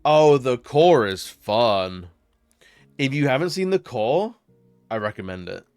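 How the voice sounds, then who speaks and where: Male streamer, casual rambling chat, smooth clear voice, dry close mic, faint music behind. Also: medium pitch, very animated, slow pace, darkish tone, no room sound. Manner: rambling, lots of fillers, laughs often.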